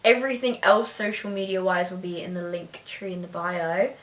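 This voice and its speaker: A woman's voice: lowish voice, moderate pace. Chatty woman, roomy echo. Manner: chatty, giggly, rambling. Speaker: podcast co-host. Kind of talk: casual chat. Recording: echoey room, distant mic.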